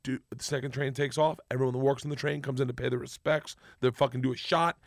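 A man telling a long story in casual chat, animated and profane, acting out the other people's lines. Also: mid-range voice, quick pace, gravelly, no echo, studio quality. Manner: animated, profane, acts out quotes. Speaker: guest storyteller.

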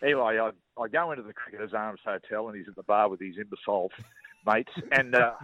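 A middle-aged Australian man from Newcastle, once a rugby league player, tells stories as a guest on the radio. His voice is on the low side and he talks fast, chuckling and colloquial, stumbling over and repeating words. The broadcast audio is dull and muffled, with no echo.

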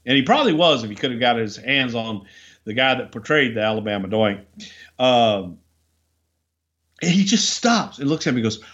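A man's voice: mid-range voice, animated, fairly bright tone. Older man telling rambling stories, dull lo-fi sound. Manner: rambling, halting with fillers and restarts. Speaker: podcast co-host, former wrestling executive. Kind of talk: casual storytelling chat.

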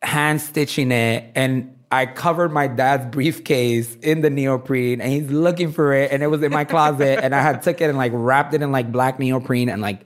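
A man talking freely as an interview guest, his voice sitting at an ordinary middle pitch. He fills his stories with "like" and slips into other people's voices when he quotes them. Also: fairly even intonation, normal speed, hardly any pauses. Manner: chatty, leans on "like", acts out quoted voices. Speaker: fashion designer, guest. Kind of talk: casual interview chat.

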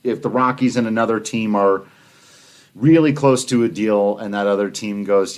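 A man co-hosting a casual sports talk show, analytical and animated, laughing easily. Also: fairly low pitch, normal speed. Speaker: podcast co-host.

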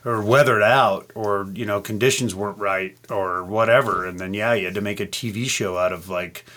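A man co-hosting a podcast, telling relaxed, joking stories in casual chat. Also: on the low side, moderate pace. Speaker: podcast co-host.

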